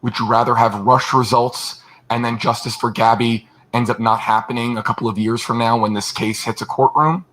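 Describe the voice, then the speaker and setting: A man's voice: medium pitch, fairly even intonation, moderate pace, fairly bright tone. A man making an earnest press statement, speaking off the cuff and sometimes repeating himself as he urges patience.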